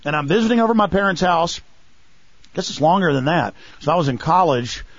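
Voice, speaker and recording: A man with a high voice hosts a talk radio show, excitable and sarcastic, and keeps slipping into mocking falsetto imitations. The sound is dry and close, with the muffled, dull quality of a radio broadcast. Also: a little fast, dry recording. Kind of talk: heated talk radio conversation.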